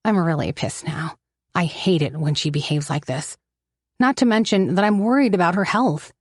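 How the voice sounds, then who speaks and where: A woman narrating a romance audiobook in the first person, with steady, wry storytelling on a close mic. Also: on the low side, normal speed, dry recording.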